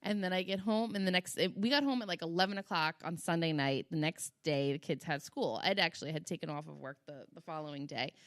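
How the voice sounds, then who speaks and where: A woman's voice: low voice, fast talker, few pauses, fairly bright tone, dry recording, clean studio sound. A woman in her thirties co-hosting a podcast, telling rambling, profane stories in casual chat and laughing often. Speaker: podcast co-host.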